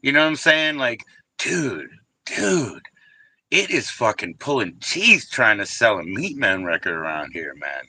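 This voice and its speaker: Male livestream host, casual and profane, bright lively delivery. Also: mid-range voice, measured pace, rough recording. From Washington DC area. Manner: rambling, profane, sings snatches of songs. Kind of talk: casual livestream chat about records.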